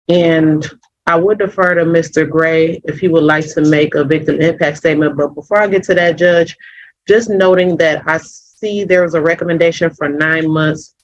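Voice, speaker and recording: Prosecutor, formal, halting, filler words, dull lo-fi audio, dry. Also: mid-range voice, dry recording. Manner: hesitant, many fillers. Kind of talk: formal courtroom address.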